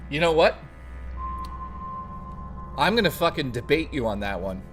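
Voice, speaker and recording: A man's voice: on the high side, sing-song, a little slow, over music. Joking, rambling male streamer. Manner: talks to chat readers by name. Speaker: livestream host. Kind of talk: casual chat stream.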